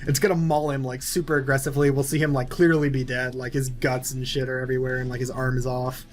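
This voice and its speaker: A man's voice: medium pitch, little pitch movement, fast. A young man casually talking through a movie plot he wrote, rambling with lots of fillers. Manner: loose and rambling, many fillers. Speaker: movie video creator. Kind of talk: casual plot pitch narration.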